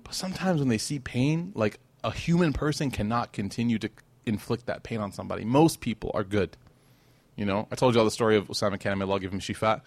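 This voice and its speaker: Fast-talking man teaching a casual religious lesson. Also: on the low side, dry recording. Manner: animated, conversational, jokes with the audience; recites scripture in Arabic. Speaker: Islamic teacher. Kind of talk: casual storytelling lecture.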